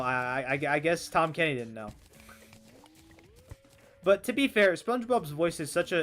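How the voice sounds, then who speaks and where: A hoarse man in his twenties chatting casually while playing a game, rambling with stammered restarts and frequent swearing. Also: fairly high pitch, a bit bright. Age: 20s. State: hoarse, strained voice. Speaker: gaming streamer.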